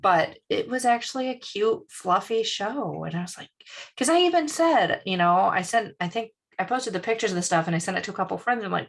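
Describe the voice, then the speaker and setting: A woman's voice: medium pitch, animated, a little fast, gravelly. A woman co-hosting a podcast, chatting casually with a candid, playfully blunt way of telling stories. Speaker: podcast co-host. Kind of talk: casual chat.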